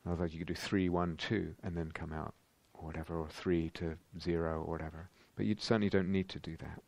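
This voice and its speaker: A man giving a thoughtful dharma talk as a meditation teacher at a retreat, pausing and restarting as he searches for words. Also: low voice, fairly even intonation, creaky, a little mellow, dry recording. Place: retreat centre meditation hall.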